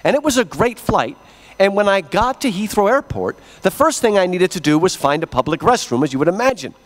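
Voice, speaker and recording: Animated high-voiced lecturing man. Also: brisk. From Texas, USA. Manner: animated, joking storyteller. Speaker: plenary speaker. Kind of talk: lecture with humorous storytelling.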